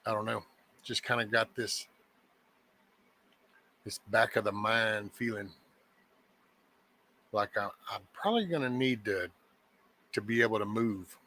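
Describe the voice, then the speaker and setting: A man's voice: on the low side, measured pace, pauses often, sharp tone. A man hosting a casual morning chat show who talks in a folksy, meandering, joking way. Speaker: host of a daily live show.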